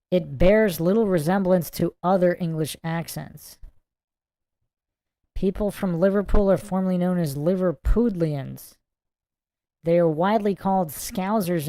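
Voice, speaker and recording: A man's voice: high voice, warm tone, dry recording. A man hosting a casual livestream, reading viewer chat aloud and musing over it. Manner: chatty, muses aloud, reads comments and look-ups aloud.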